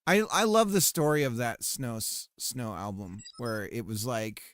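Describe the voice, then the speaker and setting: Smooth-voiced streamer muttering while working. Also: male voice, mid-range voice, expressive, measured pace, hardly any pauses, a bit bright, no room sound, clean studio sound. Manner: rambling, muttering to himself. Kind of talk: casual chat while working on a game.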